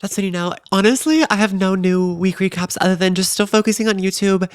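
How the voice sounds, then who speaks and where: Brief: young woman podcast co-host, upbeat and slangy, smooth voice, dry close sound. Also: mid-range voice, quick pace, no room sound. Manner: chatty, upbeat, casual slang. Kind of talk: casual chat.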